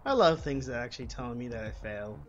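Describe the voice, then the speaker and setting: A man giving live let's-play commentary while gaming, swearing constantly and bursting into angry yells. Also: medium pitch, animated, brisk, lo-fi sound. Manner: swears constantly, rage outbursts and yelling. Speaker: gamer reviewing a video game. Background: game music.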